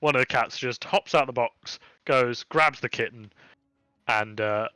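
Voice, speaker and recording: Bright-voiced male game master. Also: medium pitch, unhurried, smooth, no room sound. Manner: casual, with many fillers. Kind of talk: narrating a tabletop game.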